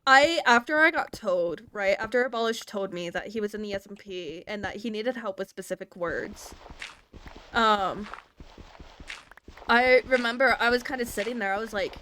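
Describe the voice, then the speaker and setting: A woman's voice: mid-range voice, normal speed, pushed and bright, a little hiss or hum. A woman from the American South with a Southern accent, rambling casually to her stream chat and laughing often.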